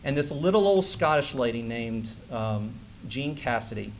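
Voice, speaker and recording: A man in his forties giving a conference keynote, telling a personal story with lively, acted-out dialogue. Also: medium pitch, normal speed, a little hiss or hum. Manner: animated storyteller who acts out quoted dialogue. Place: conference hall stage.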